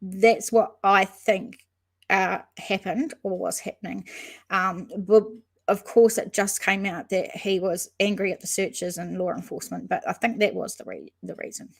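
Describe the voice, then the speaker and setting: A woman hosts a relaxed true-crime livestream, reading out viewer comments and greeting chatters by name. She talks things through as she goes, hesitating and restarting her sentences, at an ordinary middle pitch. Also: normal speed, creaky. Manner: thinks aloud, hesitant with frequent ums and restarts.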